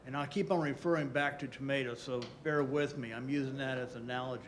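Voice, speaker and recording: A man's voice: medium pitch, fairly even intonation, quick pace, a little hiss or hum. An older man from Southwest Florida giving a folksy, storytelling conference talk, repeating phrases for emphasis. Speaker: conference speaker.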